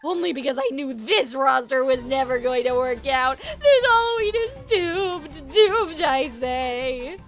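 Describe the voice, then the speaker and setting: Brief: woman as a panicky, melodramatic male mayor in a game, high and wailing. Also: animated, normal speed, few pauses, bright, forceful tone, faint music behind, heavily acted. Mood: despairing.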